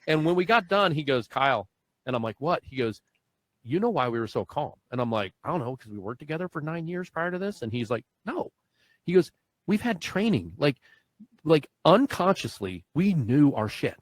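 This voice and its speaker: Podcast host: a man in his 40s, animated storyteller who acts out dialogue, dry close mic. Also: a little high, normal speed, dry recording. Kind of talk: casual podcast conversation.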